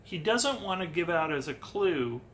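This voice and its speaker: A man's voice: on the high side, big pitch swings, moderate pace, a bit bright, slight background noise. A man talking through interview clips in a wry, incredulous way, thinking aloud as he puzzles over what he hears. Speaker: treasure-hunt video commentator. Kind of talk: sarcastic commentary on interview clips.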